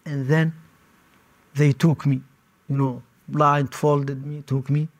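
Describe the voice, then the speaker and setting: Male interviewee with a raised pitch, recounting his past in short, halting phrases. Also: level tone. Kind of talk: personal testimony.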